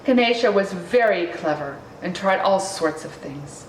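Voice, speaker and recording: A woman reading a children's picture book aloud in a slow, expressive storytelling manner. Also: lowish voice, background noise. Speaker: reader. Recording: roomy, distant mic, faint ambience.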